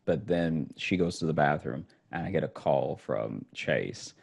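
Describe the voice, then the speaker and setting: A man's voice: extremely low pitch, unhurried, vocal fry, husky. A young man from Chicago, a comedian telling a story in casual chat, acting out voices and laughing as he goes. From Chicago, USA. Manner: animated, acts out voices, laughs through the story.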